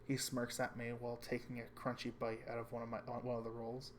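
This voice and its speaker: A man reading a visual novel aloud with calm first-person narration. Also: mid-range voice, fast talker, slight background noise. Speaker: reader.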